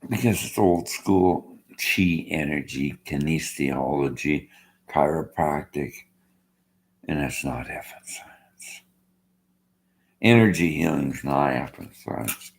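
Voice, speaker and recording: Older man, bitter rambling rant, slurred gravelly voice, slow delivery. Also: extremely low pitch. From Canada. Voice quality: slurred-sounding speech. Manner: bitter, argumentative. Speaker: vlogger.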